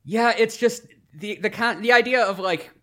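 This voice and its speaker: A man co-hosting a podcast, chatting casually in an animated, teasing way. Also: sits high, normal speed. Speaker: podcast co-host. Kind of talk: casual chat.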